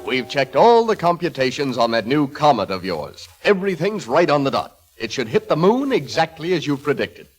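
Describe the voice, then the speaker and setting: An actor playing a friendly, puzzled astronomer colleague in a 1940s radio comedy, with brisk, chatty questions. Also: male voice, on the high side, big pitch swings, faint music behind.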